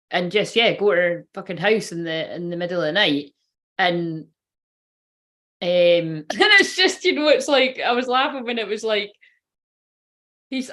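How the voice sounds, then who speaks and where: A woman's voice: fairly low pitch, fairly bright tone. A woman who works as a spiritual reader, chatting casually on a livestream, rambling, giggling and swearing freely.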